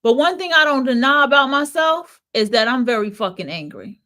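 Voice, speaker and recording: A woman's voice: high-pitched, expressive, fairly quick, bright, forceful tone. A woman in her thirties hosting a podcast, venting in a blunt, profane, emphatic monologue. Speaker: podcast host. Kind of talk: casual monologue.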